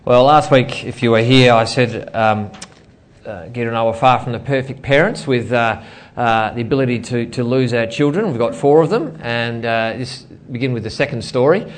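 A man's voice: mid-range voice, moderate pace. A middle-aged man preaching a sermon in a church, telling a personal story with many fillers and restarts. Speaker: pastor.

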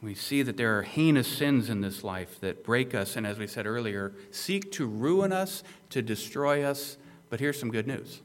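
A man's voice: mid-range voice, expressive, moderate pace. A male pastor preaching an expository sermon, emphatic and conversational, with rhetorical questions to the listeners.

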